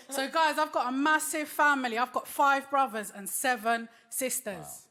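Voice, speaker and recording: A woman's voice: high-pitched, normal speed. A woman in her thirties with a London accent, doing a stand-up set and teasing the crowd with slangy asides. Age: 30s. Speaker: stand-up comedian. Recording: loud crowd and noise, live club. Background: laughing audience.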